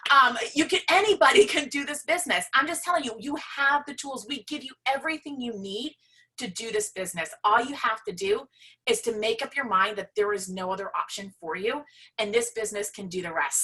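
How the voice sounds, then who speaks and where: A woman giving a passionate, emphatic motivational pitch about her business. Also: sharp tone, slightly rough. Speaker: presenter sharing her business story.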